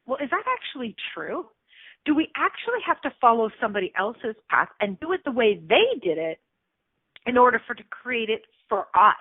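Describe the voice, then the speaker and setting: A woman's voice: fairly high pitch, normal speed, slightly rough, no room sound. Woman hosting self-help radio over phone line. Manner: expressive, acts out anxious inner voices. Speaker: radio show host.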